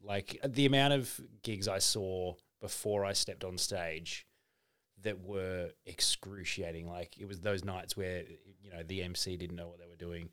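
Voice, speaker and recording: A man hosting a podcast, chatting loosely, swearing and acting out quotes in quick bursts. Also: sits low, fairly even intonation, fairly bright tone, smooth. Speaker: podcast host and comedian. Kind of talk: casual podcast chat.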